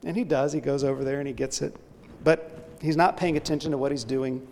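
A man's voice: medium pitch, steady tone, a little fast, creaky, a little mellow, big-room sound, slight background noise. A man preaching a sermon, earnestly illustrating his point with a story.

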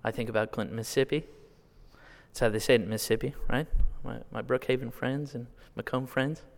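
A man from California preaching a sermon, asking the congregation questions and swinging between quiet asides and loud, drawn-out appeals. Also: medium pitch, fairly even intonation, vocal fry. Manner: asks the congregation direct questions. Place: church sanctuary. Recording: long hall reverb.

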